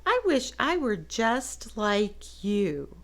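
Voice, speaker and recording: A woman voicing a gentle young bunny who wishes to be like his friend, reading slowly from a picture book. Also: a little high, big pitch swings, exaggerated voice. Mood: wistful. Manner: slow, plain storybook reading. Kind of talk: picture book read-aloud.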